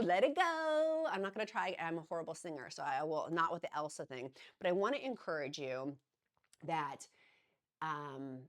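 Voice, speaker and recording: A middle-aged woman vlogging in a chatty, earnest way, rambling at times and restarting her sentences. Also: low-pitched. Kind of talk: casual encouraging talk to camera.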